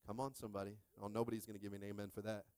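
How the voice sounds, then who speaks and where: A middle-aged male pastor preaching a sermon with animated call-and-response, shifting between hushed talk and shouts. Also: fairly low pitch, very fast, clear, resonant tone, no echo.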